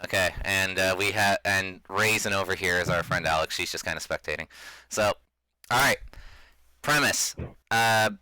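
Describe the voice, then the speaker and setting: A man's voice: low-pitched, normal speed, sharp tone, clean tone, no echo, low-quality recording. A man hosting and running a casual tabletop game, laid-back, with lots of fillers and laughs. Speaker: game master and host.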